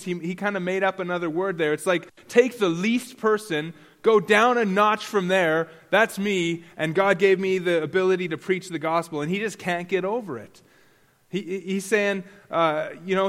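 A man's voice: high voice, a bit bright, big-room sound. A man preaching a sermon as pastor, earnest, asking his congregation rhetorical questions and often repeating words.

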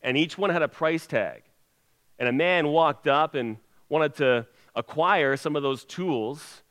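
A man's voice: fairly high pitch, unhurried, fairly bright tone. A man preaching a sermon with an emphatic delivery that rises and falls. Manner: emphatic, rising and falling delivery. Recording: long hall reverb.

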